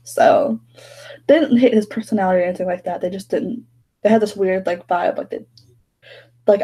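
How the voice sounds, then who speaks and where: A young woman with a light drawl talks through her makeup routine in a loose, rambling way, full of "um" and "you know". Her voice is mellow and soft, with a slightly breathy edge. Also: medium pitch, moderate pace, long pauses, rough recording. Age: young adult. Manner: chatty, rambling with many fillers. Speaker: beauty vlogger. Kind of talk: casual makeup chat. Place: bedroom at home.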